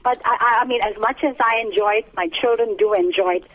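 A woman calling in to a radio show, a parent who talks in a polite, earnest and measured way. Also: fairly high pitch, slightly rough. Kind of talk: phone-in call. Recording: tinny phone line.

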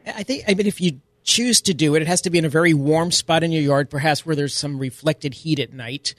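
A man's voice: fairly high pitch, a little fast, a bit bright, dry recording. A man co-hosting a radio gardening call-in show, explaining plants in plain, knowledgeable terms. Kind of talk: casual radio chat.

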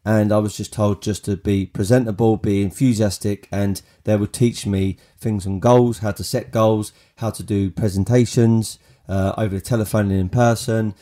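A man, telling personal stories as a podcast host in a chatty, animated way. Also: on the low side, normal speed. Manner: chatty, animated storytelling with many restarts. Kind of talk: storytelling monologue.

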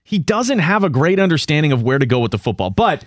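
A man's voice: fairly high pitch, sing-song, quick pace, no room sound, clean studio sound. A man hosting sports talk radio, ranting in frustration.

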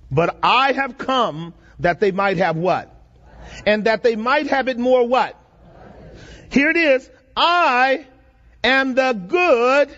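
Male pastor, very high-pitched voice; dramatic call-and-response sermon delivery in a reverberant hall. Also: fairly bright tone. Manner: dramatic, drawn-out scripture reading, engaging the congregation with questions. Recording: dull lo-fi audio with long reverb.

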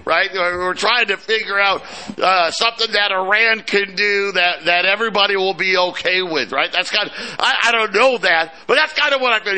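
Bright high-voiced man riffing on markets. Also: moderate pace, clean tone. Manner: animated, sarcastic, many restarts. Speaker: talk show host. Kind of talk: market commentary chat.

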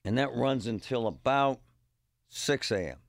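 A man's voice: mid-range voice, animated, a little slow, dry recording, clean studio sound. A middle-aged man hosting a radio show, rambling and joking in a casual monologue with punchy exclamations.

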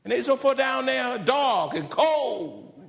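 A male pastor preaching a sermon in an animated way, repeating himself and jumping up in pitch, then dropping into soft, low asides. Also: slow pace, vocal fry. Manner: animated preaching with repetitions and sudden pitch jumps.

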